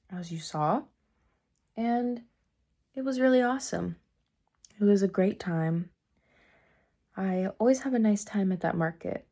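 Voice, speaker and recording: A woman's voice: fairly low pitch, warm tone. A young woman vlogging casually to camera about her art and market finds, chatty and giggly. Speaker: vlogger and artist. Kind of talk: casual vlog talk to camera. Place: car.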